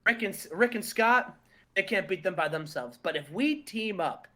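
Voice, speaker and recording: A man playing a brash, muscular wrestler cutting a boastful promo in a wrestling game, pitched fairly high with a lively, swooping delivery. He talks tough and confident. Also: moderate pace.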